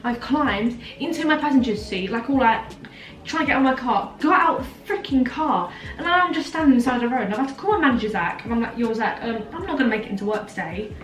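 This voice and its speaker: A woman's voice: high-pitched, expressive, fast talker, fairly bright tone. A young woman tells a story as a vlogger, dramatic and full of "like" fillers. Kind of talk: storytime chat. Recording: echoey room, mic at a distance, faint music.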